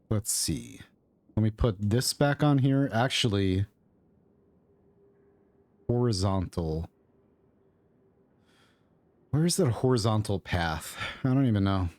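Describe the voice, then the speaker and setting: A man with a fairly low voice gives loose, casual commentary while he plays, trailing off and thinking aloud. The sound is dry and close, with no room around it. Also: expressive, slow pace, pauses often, a little mellow, dry recording. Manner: rambling, thinking aloud with fillers and mutters. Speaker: gaming streamer. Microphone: own microphone at desk.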